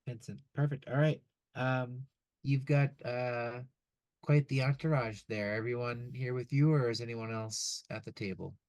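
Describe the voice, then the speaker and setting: A man narrating as game master in a relaxed way, with lots of ums and uhs. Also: mid-range voice, moderate pace, no room sound, highs cut off. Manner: relaxed, many fillers.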